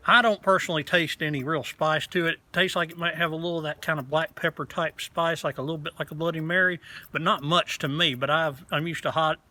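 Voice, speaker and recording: Bright-voiced man rambling through a beer review. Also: fairly high pitch, steady tone, fast. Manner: rambling, frank, swears casually. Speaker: beer reviewer, channel host. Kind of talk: casual beer review vlog. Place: outdoors.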